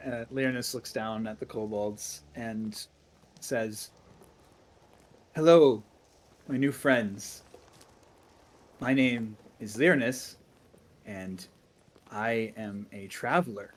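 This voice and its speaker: A man playing a tabletop game, speaking softly as his character in polite, trailing phrases. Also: lowish voice, slow, pauses often. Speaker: player. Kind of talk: casual tabletop role-play.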